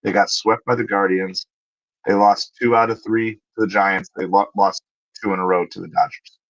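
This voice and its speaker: A man with a fairly low voice hosts a relaxed livestream, talking straight to his viewers and answering their questions. He thinks out loud and pauses with fillers while he checks things. The audio is a little dull and lo-fi. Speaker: livestream host.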